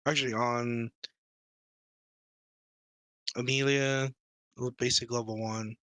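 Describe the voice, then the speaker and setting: A man playing a tabletop game, unhurried as he picks his action. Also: medium pitch, little pitch movement, fairly bright tone, no echo. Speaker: player. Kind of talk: casual tabletop play.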